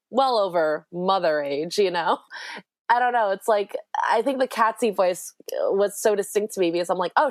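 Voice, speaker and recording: A woman's voice: lowish voice, no echo, studio quality. A woman guest on a podcast, chatting casually and enthusiastically, rambling and often laughing. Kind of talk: casual chat.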